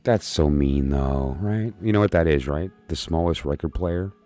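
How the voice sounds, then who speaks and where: A man's voice: extremely low pitch, normal speed, warm tone, faint music behind. A man hosting a late-night live stream of oracle readings, rambling and joking as he talks to his viewers. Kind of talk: casual live-stream chat.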